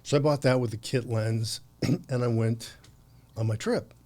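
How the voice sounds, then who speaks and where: Speaking at normal speed in a darkish, mid-range voice, this man keeps his intonation fairly even. The US podcast guest, in his sixties, shares long conversational stories, frequently laughing and starting over.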